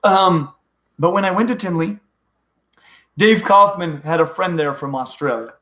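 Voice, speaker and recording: A middle-aged man chatting on a live stream with a fairly high voice, tumbling eagerly through his thoughts and restarting sentences. The room around him is echoey. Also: measured pace, fairly bright tone. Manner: rambling, restarts often, eager. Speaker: host of a reptile channel. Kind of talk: casual live-stream chat.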